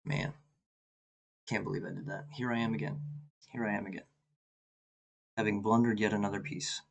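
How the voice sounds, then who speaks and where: A man's voice: on the low side, steady tone, moderate pace, gravelly, breathy edge, lo-fi sound. A man streaming an online chess game, thinking aloud in an anxious, self-deprecating way. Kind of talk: live commentary while playing online chess.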